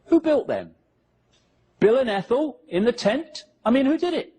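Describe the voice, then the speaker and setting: A man's voice: very high voice, sing-song, moderate pace, dark tone, husky. A man giving a public lecture with slides, talking the audience through pictures with sarcastic, mocking asides.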